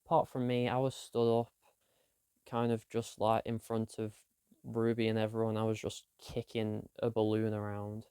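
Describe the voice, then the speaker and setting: A man's voice: lowish voice, monotone, normal speed, dark tone, smooth, dry recording, studio quality. A young man, chatting casually about his week in a rambling, self-deprecating diary vlog. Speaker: vlogger.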